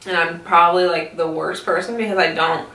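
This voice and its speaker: A woman's voice: fairly low pitch, fairly even intonation, a little fast, bright, forceful tone. A young woman chatting casually in a vlog while eating, talking with her mouth full and swearing freely. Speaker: YouTube vlogger. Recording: roomy echo, mic at a distance.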